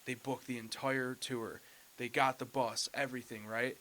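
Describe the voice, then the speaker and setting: A man's voice: mid-range voice, little pitch movement, moderate pace, sharp tone, slight background noise. A young man, a band member, chatting casually on a podcast and telling a rambling story, full of "like" and "dude".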